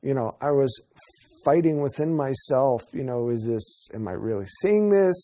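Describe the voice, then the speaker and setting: A man's voice: mid-range voice, lively intonation, normal speed, mellow. A man in a documentary interview, telling his story in an earnest, rambling way with frequent restarts. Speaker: interviewee recounting an experience.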